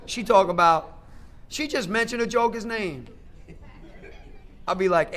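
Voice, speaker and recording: A man's voice: high-pitched, unhurried, fairly bright tone. A middle-aged man speaking at a recovery meeting, giving a personal testimony in an emphatic, conversational way, repeating phrases for effect and talking straight to the crowd.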